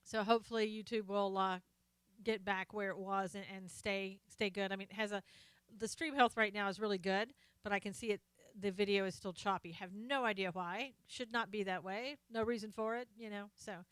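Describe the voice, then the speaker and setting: A woman hosts a casual live stream, greeting viewers by name and reading their comments aloud. Her voice is smooth and clear at a middle pitch. She talks loosely, trailing off into fillers, on a dry, close mic. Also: fairly even intonation, moderate pace, a bit bright, no room sound.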